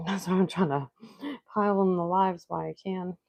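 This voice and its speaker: A woman's voice: lowish voice, steady tone, moderate pace, gravelly, darkish tone, dry recording. Congested woman chatting on a livestream. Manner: chatty, greets viewers by name. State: congested from a cold. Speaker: livestream host doing nail art. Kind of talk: casual livestream chat with viewers.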